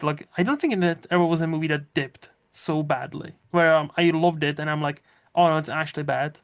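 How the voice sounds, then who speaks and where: A man hosting a casual movie podcast, talking in a loose, rambling way with lots of fillers and frequent swearing. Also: on the high side. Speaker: podcast host.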